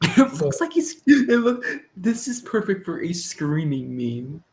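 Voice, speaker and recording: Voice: mid-range voice, big pitch swings, a little slow. A co-viewer chatting through a watch-along, giving short reactions and asking questions. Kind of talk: casual reaction chat.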